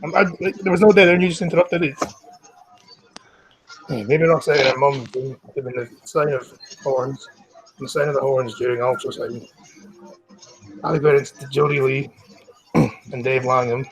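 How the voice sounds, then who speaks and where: A Scottish man hosting a live stream, reading news stories aloud casually, stumbling over words and clearing his throat. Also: mid-range voice, fairly even intonation, moderate pace, pauses often, low-quality recording.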